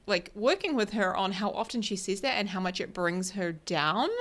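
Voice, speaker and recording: A woman life coach talks straight to her listeners in a loose, chatty solo podcast. She keeps checking in with "right?" and drifts into tangents. Her voice sits at an ordinary middle pitch. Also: sharp tone. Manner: chatty, keeps asking "right?", laughs at herself. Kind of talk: casual solo podcast talk.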